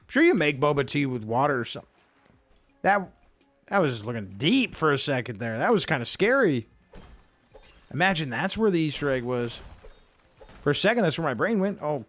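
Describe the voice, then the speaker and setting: Guy chatting through his game run, kinda high voice, jumps around a lot, talks himself down for laughs. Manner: chatty, self-mocking, reacts aloud to gameplay. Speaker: gaming video creator. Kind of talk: let's play commentary.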